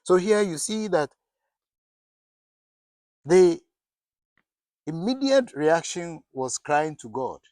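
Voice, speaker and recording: A man's voice: on the high side, sing-song, slow, pauses often, a little mellow, dry recording. Man preaching with questioning restarts. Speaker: pastor. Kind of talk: sermon.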